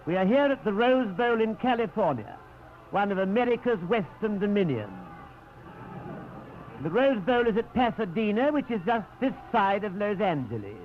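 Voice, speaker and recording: A man's voice: sits high, sing-song, moderate pace, dull audio. A man with a British accent doing a fussy, flustered mock sports broadcast in a 1930s radio comedy sketch, forever correcting himself.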